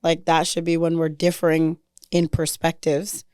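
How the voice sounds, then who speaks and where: A woman co-hosting a podcast in casual chat, hoarse from losing her voice, relaxed and hedging with fillers. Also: deep voice, normal speed, dry recording, studio quality. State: hoarse, has lost her voice. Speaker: podcast co-host.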